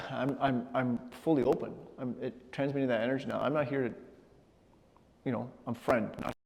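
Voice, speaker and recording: A middle-aged man giving a personal storytelling talk, animated, often repeating words as he gathers his thoughts. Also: medium pitch, normal speed, creaky. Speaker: speaker. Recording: long hall reverb.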